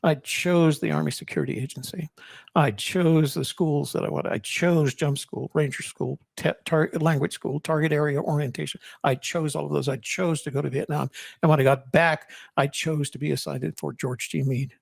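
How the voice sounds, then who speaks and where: A man in his seventies telling a personal story in an interview, reflective, with halting restarts. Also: on the high side, fairly even intonation, creaky, no echo, studio quality. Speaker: guest, army veteran and co-author.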